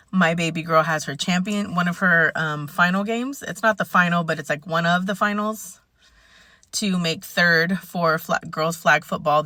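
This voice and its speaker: Woman, 40s, vlogger; candid chatty rant; lower pitch, bright forceful tone. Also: dry recording, clean studio sound. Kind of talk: casual vlog rant.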